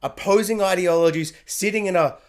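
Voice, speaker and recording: Young guy, slightly high voice, gushing solo reaction reviewer who acts out lines. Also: brisk. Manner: animated, gushing, acts out quotes. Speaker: anime reviewer.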